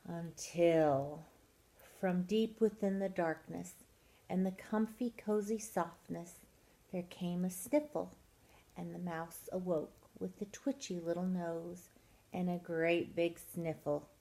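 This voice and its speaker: A woman reads a picture book aloud for children, unhurried and expressive. Her voice sits on the low side, and she stretches gentle words out slowly. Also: low-quality recording. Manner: expressive, drawing out soft words. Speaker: storytime reader.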